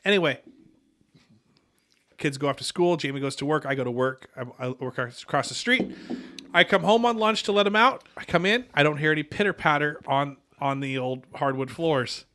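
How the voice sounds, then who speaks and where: Podcast co-host, man, 40s, slightly high, bright voice, rambling storyteller who restarts his sentences. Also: moderate pace. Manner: rambling, self-correcting anecdote with quoted dialogue. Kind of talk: casual storytelling chat.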